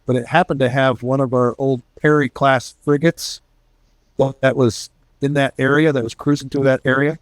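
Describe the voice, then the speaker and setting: A middle-aged former military pilot and author relates casual war stories to an audience, imitating the voices of the people involved. He speaks in a mid-range voice with fairly even intonation at a moderate pace, with no echo.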